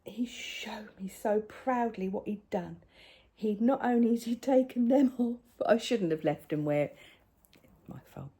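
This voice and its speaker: An older woman, chatting casually at home as a crafting vlogger, rambling, with soft hushed asides. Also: mid-range voice, unhurried. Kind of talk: casual chat showing crafts.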